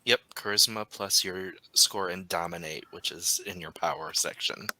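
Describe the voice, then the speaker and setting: A man running a tabletop role-playing game as storyteller, narrating in an unhurried, halting way with frequent ums. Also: low-pitched, gravelly, pushed and bright, poor audio.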